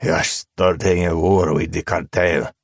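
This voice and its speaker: A man's voice: sits low, fairly even intonation, measured pace, creaky, dry recording, clean studio sound, full character voice. A man voicing a bulky, hostile male cartel thug with a heavy Brazilian Portuguese accent, spitting out contempt through clenched teeth, in an audiobook.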